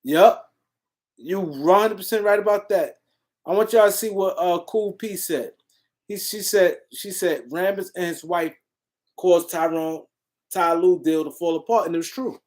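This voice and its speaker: A man hosting a casual sports livestream, answering comments and shouting out viewers in the chat. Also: sits high, unhurried. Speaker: livestream host.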